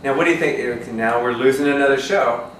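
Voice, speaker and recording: A man's voice: medium pitch, fairly bright tone, recorded from a distance. Guy hosting an interview, eager and teasing, mid voice, roomy echo, faint hiss. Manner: enthusiastic, teasing, quick to laugh. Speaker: entertainment interviewer, host. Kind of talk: casual interview questions. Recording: echoey room, voice from off mic, faint noise.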